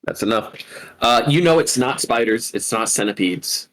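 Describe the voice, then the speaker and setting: A man running a tabletop game as dungeon master, narrating slowly with many fillers. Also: mid-range voice, animated, fairly bright tone. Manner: slow, searching narration with fillers.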